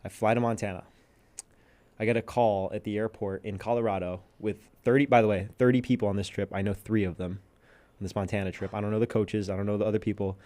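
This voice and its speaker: Low-voiced young man telling a story. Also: fast. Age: young adult. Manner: animated storyteller, acts out quotes. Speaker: podcast guest. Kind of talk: casual storytelling chat.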